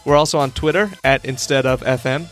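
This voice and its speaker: A man co-hosting a podcast in casual comedy chat, joking and excitable, swearing when worked up. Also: medium pitch, a little fast, faint music behind. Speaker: podcast co-host.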